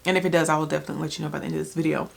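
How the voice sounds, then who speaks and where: A woman's voice: sits low, flat delivery, racing, vocal fry. A young woman chatting casually in a book vlog, rambling with many restarts and fillers, sometimes talking while she eats. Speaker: book vlogger.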